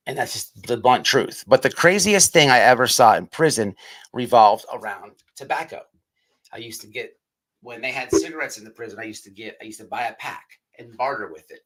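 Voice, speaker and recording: A man's voice: medium pitch, fairly bright tone, poor audio. Man telling a rambling story. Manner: rambling, repeats himself, swears often. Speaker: podcast host. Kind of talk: casual storytelling on a livestream.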